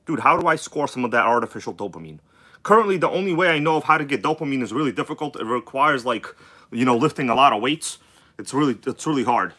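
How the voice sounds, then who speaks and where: A man's voice: fairly high pitch, pushed and bright. A man hosting a casual livestream, chatty and joking as he greets viewers by name. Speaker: livestream host.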